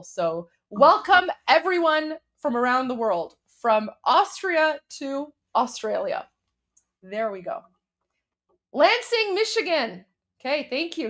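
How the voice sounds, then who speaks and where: Chatty, excitable woman hosting a livestream. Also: a little high. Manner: chatty, excitable, many fillers and restarts. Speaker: livestream host. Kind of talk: casual live-stream chat and news commentary.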